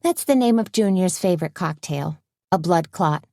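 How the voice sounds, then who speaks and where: Woman narrator playing a pushy, fretful wife; higher than her usual, bossy and exasperated, dark tone. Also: expressive, moderate pace, dry recording, clean studio sound. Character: brash anxious woman scolding her husband.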